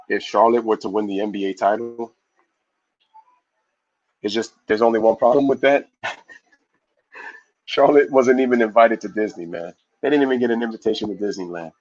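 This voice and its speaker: A man hosting a casual live sports stream, reading viewer comments aloud and giving shout-outs in a loose, slangy way. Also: fairly low pitch, dull audio. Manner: loose, slangy, animated opinions.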